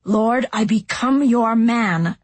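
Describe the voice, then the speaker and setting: A woman's voice: mid-range voice, a little slow, a little mellow, breathy edge, dry recording. A woman voicing a proud, hot-tempered young male duke who speaks with defiance and venom in a storybook reading. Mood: furious.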